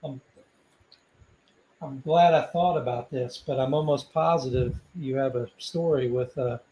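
A man's voice: mid-range voice, a little slow, warm tone, echoey room, dull audio. A man hosting a podcast, prodding his guest with leading questions in a casual studio chat. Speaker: podcast host.

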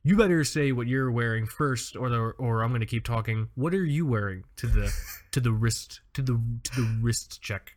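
A man co-hosting a casual podcast, telling animated stories with plenty of swearing and feeling wired from coffee. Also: medium pitch, moderate pace, slight background noise. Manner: animated, profane storytelling. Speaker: podcast co-host. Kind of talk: casual chat.

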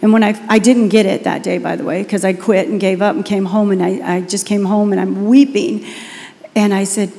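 A pastor's wife telling a personal testimony during a sermon in an emotional, animated way. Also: female voice, mid-range voice, moderate pace, creaky, in a large hall.

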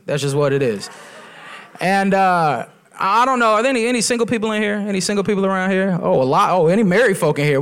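Man, young adult, guest pastor, high voice, funny lively sermon. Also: smooth. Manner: lively storytelling with quoted voices. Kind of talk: humorous sermon. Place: church.

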